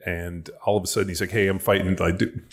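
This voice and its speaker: A man hosting a podcast, telling stories in an excitable, profane, bro-ish way. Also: sits low, fast, gravelly. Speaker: podcast host. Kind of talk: casual podcast chat. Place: podcast studio.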